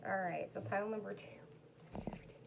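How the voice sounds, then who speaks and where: A woman's voice: medium pitch, moderate pace, noisy background. A woman doing a casual, rambling tarot card reading, chatting to her viewers. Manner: chatty, rambling, talks to her dog between cards. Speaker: tarot reader.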